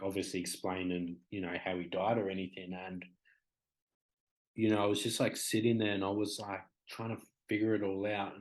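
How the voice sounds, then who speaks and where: A young Australian man, a guest on a talk show, telling a story in a rambling, emotional way, full of "like" and "you know". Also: lowish voice. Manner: emotional, acts out quoted exchanges. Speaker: guest, hip hop artist. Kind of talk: casual storytelling in an interview.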